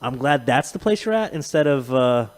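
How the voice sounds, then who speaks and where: A man's voice: medium pitch, moderate pace. A man co-hosting a podcast, telling rambling, profane stories in casual chat. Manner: profane, rambling, animated storytelling with laughs. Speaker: podcast co-host.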